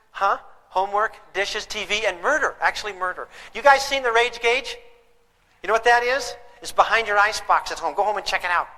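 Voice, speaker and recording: A man's voice: sits high, bright, forceful tone. A man giving a humorous live parenting seminar, questioning his audience directly. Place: lecture hall with audience. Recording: long hall reverb.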